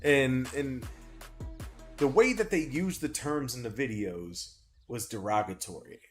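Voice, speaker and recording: A man trades jokes during a gaming livestream, his mid-range voice swinging widely up and down as he tells animated stories and argues his point. He laughs often, and quiet game music plays underneath. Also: medium pitch, measured pace. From Southern US. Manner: animated, laughing, argumentative storytelling. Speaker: gaming streamer. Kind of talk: casual gaming stream banter.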